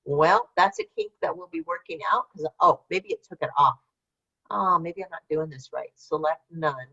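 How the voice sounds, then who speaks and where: A woman's voice: deep voice, huge pitch swings, normal speed, gravelly, sharp tone. Chatty older woman on a dull call line. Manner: chatty, rambling, answers typed questions. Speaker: webinar presenter. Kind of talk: casual online workshop presentation. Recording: slightly dull lo-fi call audio.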